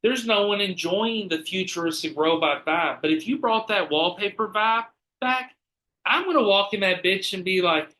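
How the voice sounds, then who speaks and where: Male podcast host, bright and forceful voice, animated and profane storyteller. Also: high-pitched, moderate pace. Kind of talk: casual chat.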